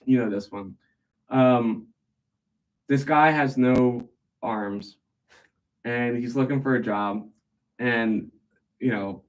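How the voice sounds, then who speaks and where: A man's voice: fairly low pitch, poor audio. A tired man hosting a livestream, rambling through jokes with many restarts. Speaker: livestream host. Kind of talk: casual joke telling.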